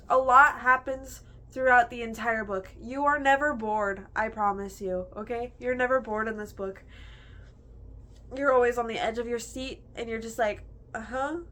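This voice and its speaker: A woman's voice: fairly high pitch, steady tone, unhurried, bright, forceful tone. Young woman, book review vlog, chatty, gushing, lots of "like". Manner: gushing, chatty, heavy use of "like". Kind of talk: casual book review chat.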